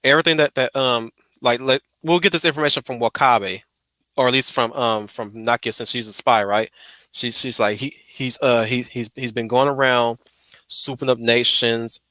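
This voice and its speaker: Male host, bright forceful tone, dry close sound, casual stream talk full of restarts and repeated words. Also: mid-range voice, dry recording.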